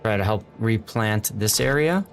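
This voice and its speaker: A man's voice: lowish voice, animated, unhurried, faint music behind. A man live-streaming a city-building game, thinking aloud and greeting his chat as he plays. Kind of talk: casual live-stream gameplay commentary.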